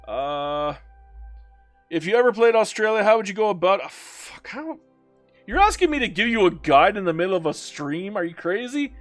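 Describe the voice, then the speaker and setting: A man with a high, expressive voice streams a strategy game at a moderate pace over soft background music. He chats casually, cracks jokes, talks to himself and reads viewers' comments aloud while playing.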